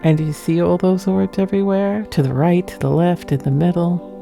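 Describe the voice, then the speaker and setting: Casual vlog narrator: a woman with a low voice and a gravelly edge, talking loosely over music. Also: fairly even intonation, a little fast, dark tone. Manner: chatty, rambling, laughs often. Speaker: paranormal vlogger narrating her footage.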